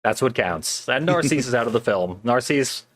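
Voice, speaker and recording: A man in casual podcast chat, recounting a film plot step by step in an easygoing, amused way. His voice sits at an ordinary middle pitch, and he keeps the telling loose and unhurried. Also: lively intonation, fairly bright tone. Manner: laid-back play-by-play recapping with frequent laughs. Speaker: podcast co-host recapping a film.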